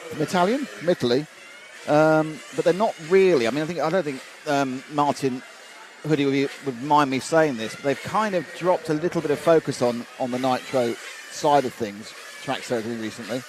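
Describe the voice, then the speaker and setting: A man's voice: medium pitch, brisk. Guy rambling thru live rc race commentary, noisy trackside mic. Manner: chatty, rambling, reads viewer comments. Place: outdoor trackside. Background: engine noise.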